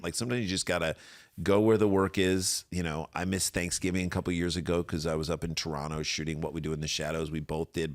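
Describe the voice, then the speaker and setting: A man's voice: low-pitched, no room sound, studio quality. A man in his fifties, a comedian and podcast guest, telling stories in rambling casual chat full of fillers. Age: 50s. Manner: rambling storytelling with many fillers.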